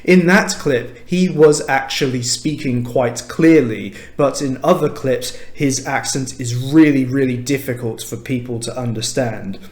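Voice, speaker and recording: A man from England with a standard southern British accent, explaining clearly and slowly in an English lesson. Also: mid-range voice. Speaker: English teacher. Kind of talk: language lesson to camera.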